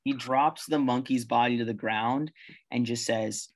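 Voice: medium pitch, unhurried. A game master narrating a tabletop game in a casual, rambling way, full of fillers.

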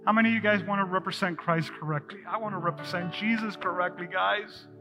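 A man's voice: sits high, fairly even intonation, fast talker, dull audio, over music. A man preaching a live sermon as pastor, talking energetically and directly to his congregation in a church.

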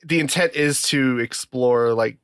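A man co-hosting a casual podcast chat, hedging and searching for words with halting restarts. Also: mid-range voice, fairly bright tone, clean tone, dry recording, clean studio sound. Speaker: podcast co-host.

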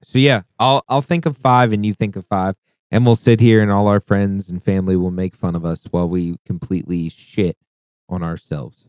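A man's voice: low-pitched, steady tone, moderate pace, a little mellow, clean tone, no room sound, studio quality. A man co-hosting a casual podcast, blunt and self-mocking, swearing often. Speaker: podcast co-host. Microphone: podcast mic.

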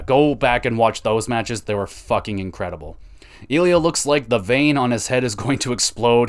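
A man hosting a podcast, recapping wrestling shows in a casual, excitable and profane way. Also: lowish voice. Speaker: podcast host. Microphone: podcast mic.

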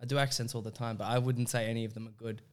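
A man's voice: medium pitch, little pitch movement, racing. A man, a comedian guest, chatting and joking in a loose, improvised way. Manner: jokey, laughs often, jumps into silly accents.

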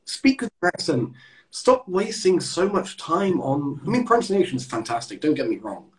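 A British man with a slightly high voice hosts a relaxed podcast chat. He talks in an animated, blunt way and swears now and then. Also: moderate pace. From United Kingdom. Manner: animated, swears, mocks posh speech. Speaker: podcast host. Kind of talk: casual chat.

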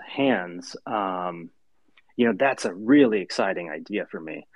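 A man's voice: fairly low pitch, a little slow, no room sound. A man talking in a live online audio chat, hesitant and full of fillers. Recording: dull dry remote audio.

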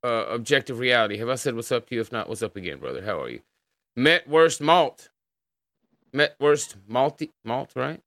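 Bright, crisp-voiced American man hosting. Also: medium pitch, sing-song, normal speed, no echo. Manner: laid-back, loose, swears freely. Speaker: livestream host. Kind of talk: casual chat, reading out viewer names.

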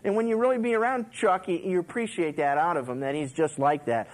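The recording is low quality, and the high-pitched pastor talks a bit quickly as he preaches on a book of the Bible. His storytelling is animated and conversational, full of "you know," acted-out quotes, and laughter.

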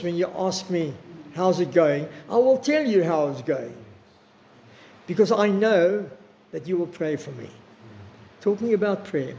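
A man, preaching a sermon in an earnest, personal way and slowing down for emphasis. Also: on the high side, expressive, vocal fry, a little mellow, slight background noise. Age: 60s.

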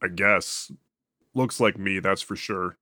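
A man's voice: low-pitched, fairly even intonation, slow pace, pushed and bright, no room sound, studio quality, voice pushed down, full character voice. A man voicing a defensive, swearing male prisoner being questioned. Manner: blunt and swearing. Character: defensive, profane male prisoner under interrogation.

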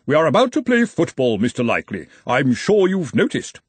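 A man doing a haughty, booming old university head. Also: wildly swooping pitch, a little fast, breathy edge, no room sound. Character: pompous haughty older male university head refereeing.

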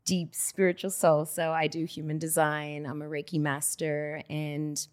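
A woman's voice: low voice, flat delivery, unhurried, darkish tone. A young woman from Australia, a guest on a chat podcast, speaking playfully and self-assuredly. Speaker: guest, singer and reiki master. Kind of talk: casual chat.

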